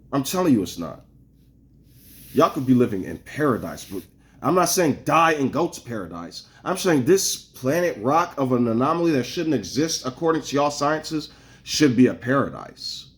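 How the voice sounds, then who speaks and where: A man mid-rant, talking to his viewers in a heated, cursing flow. His voice sits at an ordinary middle pitch, and he rambles and trips over his own restarts as he pushes his point. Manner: angry, profane, heated. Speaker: vlogger. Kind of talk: casual ranting monologue to viewers.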